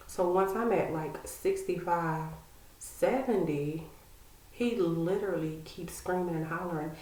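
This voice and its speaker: A woman's voice: low voice, darkish tone. A woman in her thirties vlogging an emotional personal story, retelling it intensely with many "like" fillers. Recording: roomy echo, distant from mic, with background noise.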